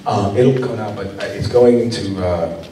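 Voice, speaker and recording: A man's voice: on the low side, a little slow, mellow, a little hiss or hum. A man on a convention panel as an actor guest, talking casually and rambling with lots of fillers and restarts. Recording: roomy hall sound from far off.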